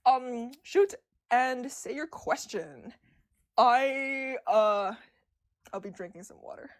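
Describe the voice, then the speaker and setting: High-voiced excitable woman who stutters. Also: slow. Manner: excitable, stutters and restarts words. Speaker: streamer discussing comics with chat. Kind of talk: casual livestream chat.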